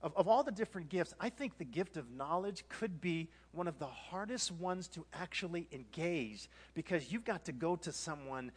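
A male pastor preaching a lively sermon to a congregation, often acting out dialogues and repeating words. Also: fairly high pitch, husky, big-room sound. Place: church hall with a congregation.

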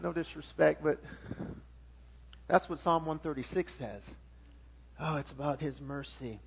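A man's voice: fairly high pitch, unhurried, creaky, slight background noise. A middle-aged man preaching a sermon as pastor, emphatic with frequent restarts and swelling volume.

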